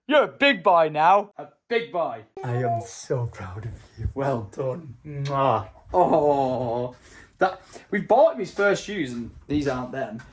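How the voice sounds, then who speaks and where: Chatty man, lively pitch. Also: normal speed, poor audio. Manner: chatty, excitable, cheers loudly at his toddler. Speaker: vlogger. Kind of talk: casual vlog narration.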